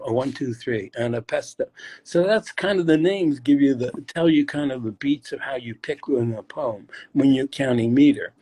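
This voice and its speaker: An older man with a husky, slightly breathy voice talks about poetry and its rhythms as a guest. He rambles and stops to search aloud mid-thought, at an ordinary pitch for a man. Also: moderate pace, warm tone. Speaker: guest poet. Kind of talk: casual chat explaining poetry.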